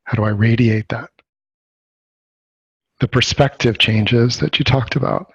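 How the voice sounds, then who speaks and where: Husky man reflecting back, dull audio. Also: medium pitch, unhurried, no echo. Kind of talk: reflective listening.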